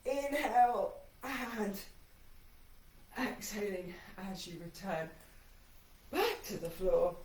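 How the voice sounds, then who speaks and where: A woman's voice: mid-range voice, lively intonation, slow pace, pauses often, darkish tone, roomy sound, recorded from a distance, slight background noise, low-quality recording. A woman instructor calling breathing cues through an ab workout while doing it herself, her voice a little shaky from the effort. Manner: encouraging cues paced to breathing, slightly breathless. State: shaky voice from exertion. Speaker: fitness instructor.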